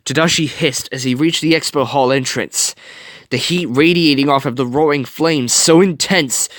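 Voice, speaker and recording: A man reading a fan story aloud with dramatic, expressive narration. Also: on the high side, dry recording, studio quality. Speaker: reader.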